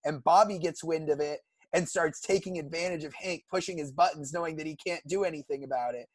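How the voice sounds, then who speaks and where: A young Californian man co-hosts a podcast, eagerly retelling cartoon episodes at length in casual conversation. His voice is fairly high and a little fast, and the recording is dry.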